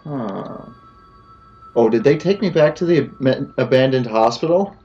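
A man's voice: mid-range voice, expressive, a little slow, mellow, muffled recording, soft background music. A man hosting a let's play, joking and talking to the game as he plays. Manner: jokey, talks to the game. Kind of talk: gameplay commentary.

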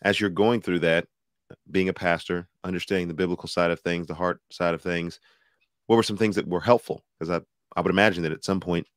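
Deep-voiced, measured male host. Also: steady tone, dry recording, clean studio sound. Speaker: podcast host. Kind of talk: interview questions.

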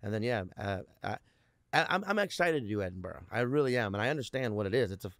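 A man's voice: fairly low pitch, animated, fast talker, fairly bright tone, no room sound, studio quality. A male stand-up comedian guesting on a podcast, talking in a rambling, profane way with many restarts. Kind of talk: casual podcast interview.

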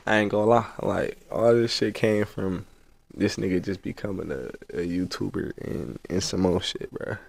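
A man's voice: low-pitched, measured pace, creaky, darkish tone, breathy edge. A man hosting a reaction video, talking in laid-back slang and repeating his phrases. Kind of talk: casual reaction commentary.

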